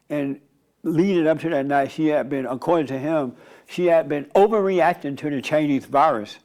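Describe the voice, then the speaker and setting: A male pastor with a somewhat high voice delivers a loose, conversational sermon. He tells stories in a rambling way and often restarts his sentences. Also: darkish tone. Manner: rambling, storytelling, frequent restarts. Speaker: pastor and radio host.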